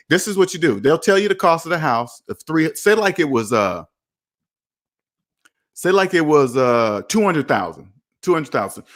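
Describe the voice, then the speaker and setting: Blunt, animated man talking money. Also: fairly high pitch. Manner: blunt, animated, acts out quoted people. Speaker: personal finance streamer. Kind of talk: live-stream chat answering viewer comments.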